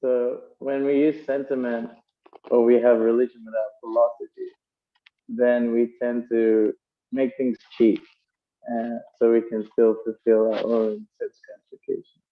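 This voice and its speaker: A man's voice: mid-range voice, little pitch movement, measured pace, phone-quality sound. A man giving a conversational sermon, telling stories and using fillers as he explains scripture. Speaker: preacher.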